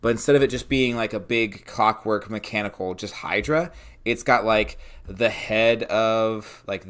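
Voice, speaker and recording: A young man co-hosting a tabletop gaming podcast, brainstorming excitedly with lots of filler words. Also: on the low side. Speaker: podcast co-host and dungeon master. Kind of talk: casual brainstorming chat.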